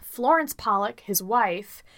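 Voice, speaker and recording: A woman co-hosting a podcast, chatting her way through a story. She jokes along as she goes, giggles often, and talks at a middle pitch. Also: expressive, takes it slowly, fairly bright tone. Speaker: podcast co-host. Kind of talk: casual chat, storytelling.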